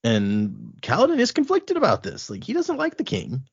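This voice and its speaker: A man hosting a casual podcast, retelling a book's chapters in an animated way and quoting the characters in a loose, conversational voice. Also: fairly high pitch, normal speed, gravelly, slightly rough. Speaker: podcast host recapping a book. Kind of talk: casual chat. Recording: dull lo-fi podcast audio.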